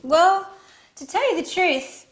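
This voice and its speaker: An actress voices Alice, a young woman in love, in a scripted drama made for English learners. Her voice is extremely high and she speaks slowly.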